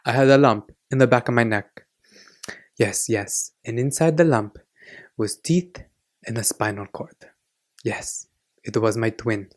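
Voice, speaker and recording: A man's voice: medium pitch, a little slow, long pauses, lightly acted. A man voicing an oversharing middle-aged aunt with a heavy accent, telling a strange story in a blunt, matter-of-fact way. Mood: deadpan.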